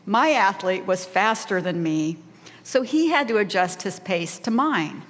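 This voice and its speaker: A woman's voice: mid-range voice, expressive, unhurried, a bit bright. Woman in her sixties, volunteer speaker, heartfelt, emotional, long reverb of a banquet hall. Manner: heartfelt, emotional, tearing up at times. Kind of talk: prepared speech at a fundraising lunch.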